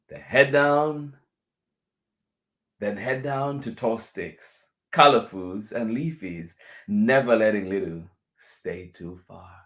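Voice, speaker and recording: A children's storyteller with a fairly low-pitched voice reads a picture book aloud to children. He goes gently over each passage twice and chuckles softly between lines.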